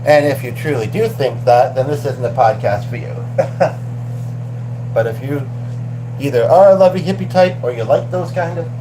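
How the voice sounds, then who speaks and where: A man's voice: medium pitch, moderate pace, noisy background. A man from Canada hosting a casual livestream chat, playful and chatty, slipping into little sung bits. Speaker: livestream host.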